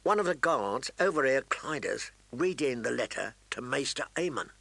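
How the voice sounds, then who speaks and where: A man voicing a curious young male recruit, eager and hushed, with a gravelly voice. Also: mid-range voice, animated, moderate pace, no room sound.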